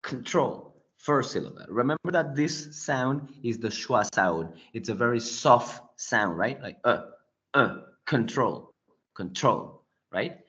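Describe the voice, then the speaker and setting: Speaking at a measured pace with few pauses, this man has a medium-pitched, expressive, slightly bright voice. He's running an online English class, explaining a quiz to students and frequently asking "right?" to check in. It's captured on a computer mic during a video call, in a dull, lo-fi meeting recording.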